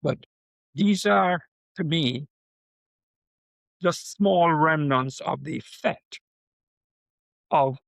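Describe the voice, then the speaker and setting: Gravelly older man telling stories. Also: fairly high pitch, drawn-out words, long pauses, no room sound. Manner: animated storyteller with repeated asides like "right?". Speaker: guest professor. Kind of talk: conversational interview.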